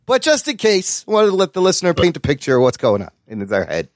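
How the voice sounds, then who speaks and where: A man's voice: sits high, wildly swooping pitch, quick pace, no echo. A man hosting a podcast in casual chat, playful and teasing. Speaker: podcast host.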